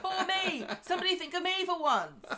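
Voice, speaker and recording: A woman's voice: big pitch swings, a little fast, bright, forceful tone, full character voice. A woman mocking a whiny self-pitying young woman. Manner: exaggerated, high, melodramatic wailing.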